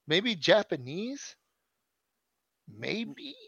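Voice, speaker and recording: A man's voice: high-pitched, very animated, very slow, gravelly, fairly bright tone, husky, no echo. A man in his thirties telling a long story in casual chat, swearing often and restarting his sentences. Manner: profane, rambling storyteller with many restarts.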